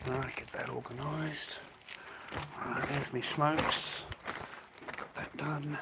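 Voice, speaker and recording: A man's voice: mid-range voice, fairly even intonation, takes it slowly, creaky. A man with an Australian accent, streaming live, talking casually and rambling, swearing freely and calling everyone mate. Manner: rambling, swears a lot, says "mate" constantly. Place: outdoors in a city street and on a bus. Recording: loud street and traffic noise. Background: traffic and city ambience.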